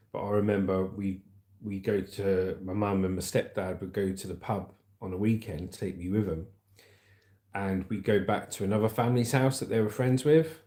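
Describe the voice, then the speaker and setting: Chatty livestream host, mellow tone, echoey room. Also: male voice, fairly low pitch. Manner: chatty, rambling, calls viewers "mate". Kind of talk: casual livestream chat and news reading.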